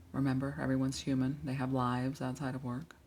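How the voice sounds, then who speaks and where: A woman's voice: very deep voice, flat delivery, moderate pace, darkish tone, a little hiss or hum. A woman giving casual, blunt reaction commentary on workplace stories, sighing often with exasperated asides.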